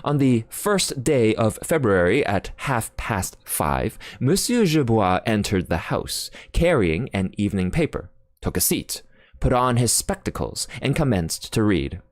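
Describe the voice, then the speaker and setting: Deep-voiced woman narrating an audiobook. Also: measured pace, no room sound. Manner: expressive, theatrical reading.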